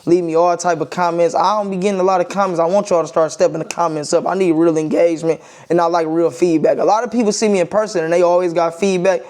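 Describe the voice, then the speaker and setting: A man's voice: high voice, flat delivery, fast talker, hardly any pauses, darkish tone. Blunt, profane young-sounding man venting. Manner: blunt and profane, repeating points, emphatic. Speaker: vlogger giving opinions. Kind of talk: casual opinion monologue.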